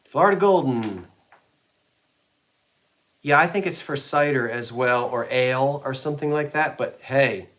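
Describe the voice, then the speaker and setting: A man's voice: medium pitch, unhurried, pauses often, a bit bright. A man selling antiques in a live online auction, describing each item in a chatty, rambling way with homey jokes and asides. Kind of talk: casual live sale presentation.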